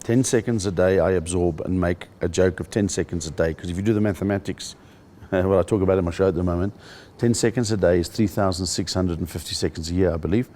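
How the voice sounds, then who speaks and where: Middle-aged man, South African accent, fairly low voice, lively comic storytelling, interview. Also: quick pace. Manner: animated storyteller, jumps into high-pitched voices for jokes. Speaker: stand-up comedian.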